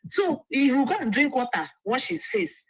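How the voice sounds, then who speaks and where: A woman speaks earnestly as a lawyer guest, her voice husky and swinging widely in pitch. She often stumbles and restarts her words, and the sound is close and dry. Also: big pitch swings, normal speed, fairly bright tone, dry recording, low-quality recording. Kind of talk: livestream interview.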